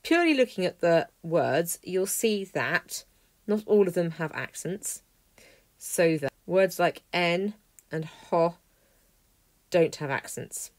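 A woman teaching a language lesson, explaining clearly and methodically, working through a text word by word. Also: on the low side, expressive, takes it slowly, no room sound. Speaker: Greek teacher. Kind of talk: lesson walkthrough.

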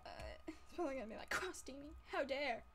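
A woman's voice: high voice, quick pace, slight background noise. A woman giving casual let's-play commentary over a game, giggly, playful and melodramatic. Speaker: gameplay commentator.

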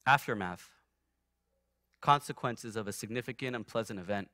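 A man giving a sermon built on his own testimony in a church, telling it vividly, surging loud and then dropping soft. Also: fairly low pitch, normal speed, dry recording, studio quality. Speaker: guest preacher. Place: church sanctuary.

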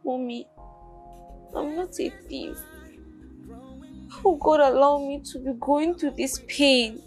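A tearful, gravelly-voiced girl. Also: sits high, slow, faint music behind. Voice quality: tearful, pleading. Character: wronged teenage daughter, tearful and pleading.

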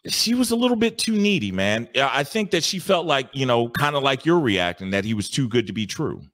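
A man with a deep radio-announcer voice, calling in to chat in a laid-back, joking, slangy way. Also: sing-song, fairly quick, fairly bright tone. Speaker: caller and channel host. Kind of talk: casual call-in chat.

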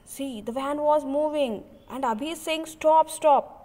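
A woman teacher, giving a lesson to young children. She explains slowly, repeats herself and keeps asking the children questions. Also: high voice, a little mellow. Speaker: schoolteacher. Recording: long hall reverb.

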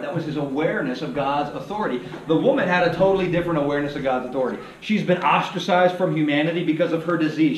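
A male pastor preaching a sermon in a lively, animated way, acting out the voices of people in the story and asking the congregation to repeat lines after him. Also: fairly high pitch, slight background noise. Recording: echoey hall, heard from a distance.

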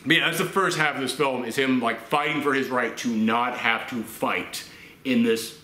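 A man's voice: mid-range voice, steady tone, moderate pace, pushed and bright. A man from the Southern United States giving a casual film review, chatty, with laughing asides and acted-out quotes. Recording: roomy echo.

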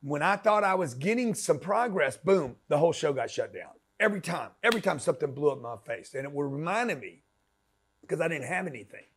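A man's voice: a little high, expressive, fairly quick, fairly bright tone, slight background noise. A man giving a blunt, slangy motivational talk as a business coach, pushing the listener hard.

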